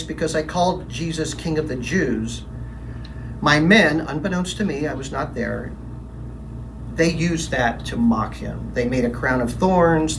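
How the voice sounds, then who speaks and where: A man's voice: fairly high pitch, recorded from a distance, noisy background. A man playing a brooding Roman governor. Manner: brooding, confessional storytelling with emphatic quoted lines. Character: Roman governor, middle-aged man, troubled and defensive. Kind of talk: first-person dramatic monologue.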